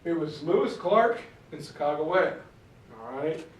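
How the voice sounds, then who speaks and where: A man telling history as an animated story, slipping into quick character voices and casual slang. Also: a little high, reverberant, distant mic, slight background noise, low-quality recording. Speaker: speaker giving a history talk.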